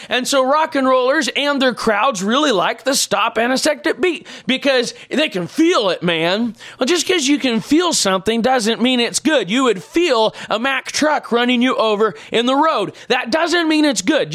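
A man's sermon voice, pitched high for a man. He is in middle age and preaches emphatically. He circles back to his points again and again. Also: bright, forceful tone. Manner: emphatic, repetitive preaching with everyday examples.

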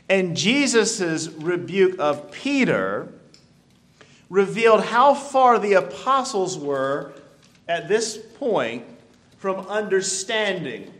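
Man, pastor, sermon, high-pitched voice, slow measured delivery. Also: a bit bright. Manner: deliberate preaching with emphatic slowed phrases.

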